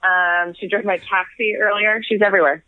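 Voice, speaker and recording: A woman's voice: medium pitch, steady tone, dry recording. Chatty woman on a tinny phone line. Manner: rambling, self-deprecating, quick laughs. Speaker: guest comedian. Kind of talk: casual chat.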